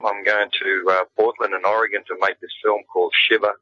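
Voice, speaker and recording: A man's voice: on the low side, little pitch movement, fast. A middle-aged man with an Australian accent, a guest actor talking in a laid-back, plain-spoken way with frequent restarts. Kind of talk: casual radio interview. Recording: dull lo-fi radio sound.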